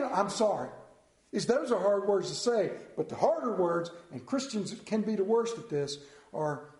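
Emphatic preacher with a high voice. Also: male voice, animated, moderate pace, a little mellow. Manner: emphatic, storytelling, repeats words for effect. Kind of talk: sermon. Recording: echoey room.

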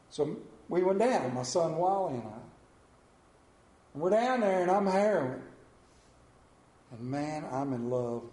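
A man in his fifties preaching a sermon, telling a folksy personal story and rising in pitch and volume as he drives points home. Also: expressive, a little slow, pauses often, roomy sound. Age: 50s. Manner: folksy storytelling, rises loud and high when preaching.

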